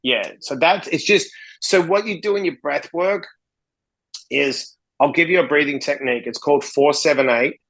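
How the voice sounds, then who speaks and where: Animated man, fairly high voice. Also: moderate pace, rough recording. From Australia. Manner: animated, acts out both sides of dialogue, blunt and profane. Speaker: podcast guest, interventionist. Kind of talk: casual storytelling in a podcast interview.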